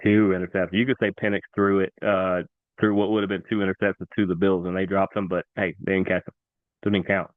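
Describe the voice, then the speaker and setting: A man hosting a casual sports talk show, excitable and animated, repeating himself for emphasis. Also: low voice, fast, no room sound. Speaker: sports podcast host. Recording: dry, tinny phone-like sound.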